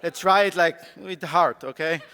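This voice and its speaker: A man with a sore throat gives a live conference talk, playfully coaching volunteers on stage in an animated way. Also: on the high side, moderate pace. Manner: playful, animated, coaxing the audience. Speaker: conference speaker. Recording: long hall reverb, faint crowd noise.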